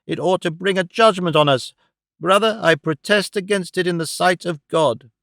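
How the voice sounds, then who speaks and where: A man's voice: a little high, fairly bright tone, clean tone, dry recording, studio quality. A man reading an audiobook voices a frail old man whose trembling voice turns fierce and indignant. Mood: indignant scolding. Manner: slow, earnest, protesting.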